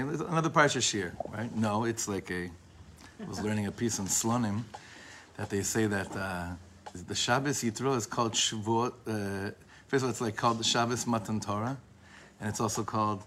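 A man giving an informal Torah class to a live group, talking in a discursive way, often breaking off and restarting his sentences, and slowing down to repeat key phrases. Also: fairly low pitch, noisy background. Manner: leans on a phrase by repeating it slowly. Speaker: Torah teacher.

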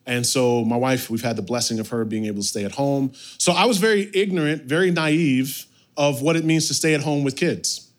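This man in his thirties speaks fairly quickly in a mid-range voice as he preaches. He's a pastor recounting a family story, and his animated delivery lurches abruptly from loud to soft.

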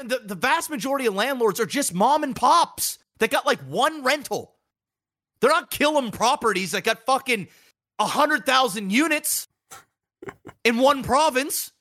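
A man's voice: extremely high pitch, bright, forceful tone. A man co-hosting a podcast, ranting heatedly with lots of profanity in casual chat. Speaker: podcast co-host.

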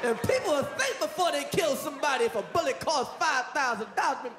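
A male stand-up comedian with an emphatic delivery, shouting and repeating his punchlines on stage before a live audience. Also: extremely high pitch, lively intonation, brisk, hardly any pauses, reverberant. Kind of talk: stand-up routine. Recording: noisy live show recording with loud crowd.

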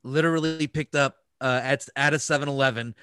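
A man's voice: medium pitch, fairly even intonation, a little fast, bright, forceful tone, clear, resonant tone, no echo. A man hosting a podcast, telling a story in a casual, profane way that rambles with many restarts. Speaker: podcast host.

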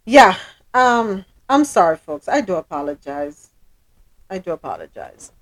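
A woman's voice: fairly low pitch, big pitch swings, a little slow. Frustrated woman hosting a talk show. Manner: frustrated, apologetic, emphatic. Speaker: podcast host. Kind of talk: casual talk show commentary.

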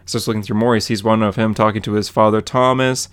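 A man's voice: on the low side, steady tone, fast, smooth. Rambling man recapping comics casually. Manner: rambling, lots of fillers and quoted dialogue. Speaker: podcast co-host.

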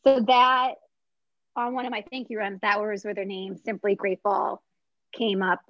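Woman, business founder, casual interview storytelling, chatty, excitable, lots of fillers, lo-fi sound. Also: mid-range voice, moderate pace, no echo.

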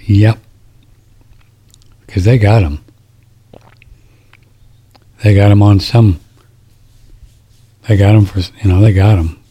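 Dark husky-voiced talk radio host. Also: male voice, on the low side, fairly even intonation, slow pace, long pauses. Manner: rambling, indignant, restarts sentences. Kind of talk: casual talk radio monologue.

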